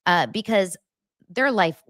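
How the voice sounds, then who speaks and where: A woman in her thirties hosting a casual livestream, chatty and animated as she reacts to chat comments. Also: medium pitch, takes it slowly, dry recording, clean studio sound. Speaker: livestream host.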